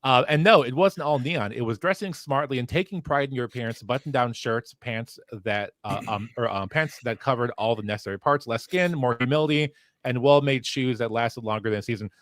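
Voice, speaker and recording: Man, fill-in livestream host, rambling, filler-heavy, dry close headset sound, mid-pitched voice. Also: a little fast, no echo. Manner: rambling, many fillers and restarts. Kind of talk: casual livestream talk. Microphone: headset mic.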